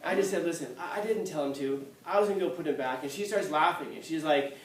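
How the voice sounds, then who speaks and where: Recorded at a distance in an echoey classroom with a little hiss or hum, a man lectures at a quick pace with few pauses. His pitch is fairly high, and he livens up his anecdotes by acting out quotes and laughing often.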